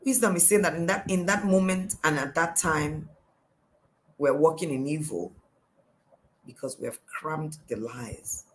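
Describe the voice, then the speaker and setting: A middle-aged woman with a Nigerian accent, working as a life coach, gives a devotional talk in a low voice at a slightly slow pace, emphatically asking question after question and repeating "why." The recording is low quality.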